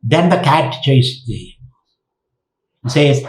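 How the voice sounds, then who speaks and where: A man gives a lecture, often repeating himself as he tells a fable. His voice is fairly high for a man, and it echoes around a roomy space. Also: expressive, unhurried, pauses often. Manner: storytelling with Sanskrit quotes and repeated phrases. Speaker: spiritual teacher. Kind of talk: online lecture. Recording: roomy echo.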